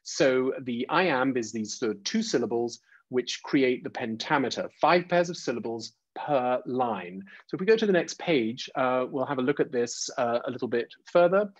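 Male webinar presenter, husky voice, lots of fillers, dry lo-fi call audio. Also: mid-range voice, animated, moderate pace, dry recording. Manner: frequent "uh" and "um", restarts; taps out rhythms aloud. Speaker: presenter leading a teacher training webinar. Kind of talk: informal online lecture.

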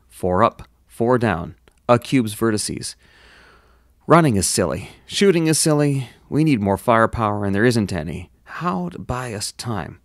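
A man reading a science fiction novel aloud in steady narration, with occasional self-deprecating asides. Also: lowish voice, no echo, clean studio sound. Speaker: audiobook reader.

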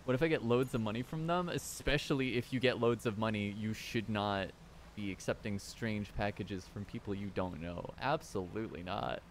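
A man's voice: on the low side, normal speed, a little hiss or hum. A man streaming a video game, talking animatedly to his viewers and swearing casually.

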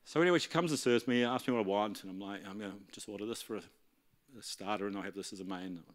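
A man's voice: fairly low pitch, quick pace. A man preaching in a church, telling a story animatedly and acting out the dialogue. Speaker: pastor. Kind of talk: storytelling sermon.

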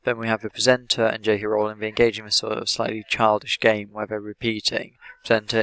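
A man with an English accent, an English teacher explaining the language of an interview in a measured way, with many "sort of" fillers. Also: on the low side, completely flat delivery, a bit bright, smooth, no echo. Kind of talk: explanatory lesson analysing an interview.

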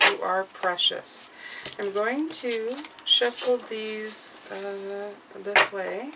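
A woman giving a tarot reading to her viewers, speaking gently and reassuringly and often checking in with "okay?". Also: mid-range voice, steady tone, extremely slow, heavy background noise. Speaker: tarot reader.

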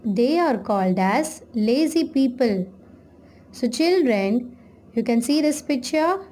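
A woman teacher, explaining a storybook lesson to children slowly and patiently. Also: on the high side, animated, mellow. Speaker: school teacher. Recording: echoey room with faint noise.

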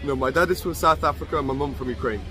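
Quick-talking earnest man, music nearby. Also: medium pitch, bright, forceful tone. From Australia. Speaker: passerby interviewed on the street. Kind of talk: street interview answers. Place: outdoors on a city street.

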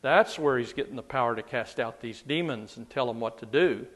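A man teaching a Bible passage in a relaxed, chatty way, often chuckling as he talks. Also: medium pitch, brisk.

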